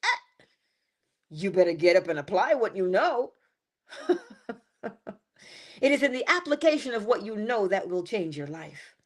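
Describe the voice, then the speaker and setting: A woman hosting an inspirational livestream, talking in a playful, animated way with sudden high exclamations and soft asides. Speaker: livestream host.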